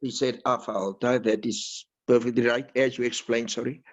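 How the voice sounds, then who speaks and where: A man's voice: medium pitch, little pitch movement, moderate pace. A man attending an online class as a student, politely checking his understanding of a point. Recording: dull, lo-fi video call audio.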